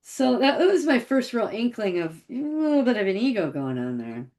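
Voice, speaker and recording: A woman's voice: on the high side, sing-song, normal speed, darkish tone. A middle-aged woman recounting a personal story in a casual, reflective way, often quoting what she thought and said at the time. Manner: conversational, reflective, quotes her own past thoughts.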